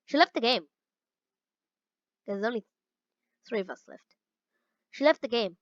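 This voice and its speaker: A woman playing a game and reading its dialogue aloud, mixing in quick exclamations of her own. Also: on the high side, expressive, no room sound. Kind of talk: let's-play commentary. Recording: dull lo-fi recording.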